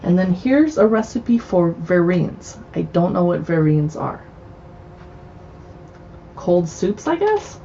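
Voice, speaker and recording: A woman's voice: fairly low pitch, sing-song, slow pace, creaky, long pauses, dark tone, highs cut off, a little hiss or hum. A woman hosting a casual cookbook livestream, reading recipe titles aloud and adding chatty asides. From US West Coast. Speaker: cookbook show host. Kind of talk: casual livestream book browsing. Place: home in a city.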